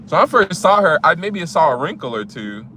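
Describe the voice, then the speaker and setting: A man's voice: on the high side, sing-song, normal speed. A man in his twenties from the United States, casually telling a story about a date, rambling with many fillers and restarts. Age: 20s. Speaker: vlogger. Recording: loud traffic noise behind.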